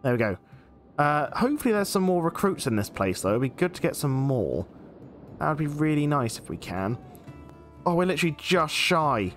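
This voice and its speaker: A man gives chatty, excitable commentary over a video game, with plenty of fillers as he goes. His voice sits fairly high for a man. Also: moderate pace, soft background music. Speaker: gaming channel host. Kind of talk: let's play commentary.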